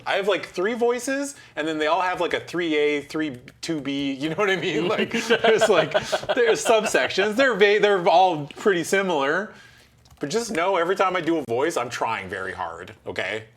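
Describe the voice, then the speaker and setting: A man's voice: on the high side, expressive, normal speed, fairly bright tone, slight background noise. A man running a tabletop gamebook session, reading the text aloud and chatting with a lot of casual swearing. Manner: laughs often, swears casually. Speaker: game master.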